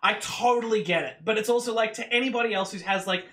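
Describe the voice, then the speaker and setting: A man co-hosting a casual podcast, talking in a fast, sweary, ranting way. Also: sits high, bright, forceful tone. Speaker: podcast co-host. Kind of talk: casual chat. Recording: echoey room.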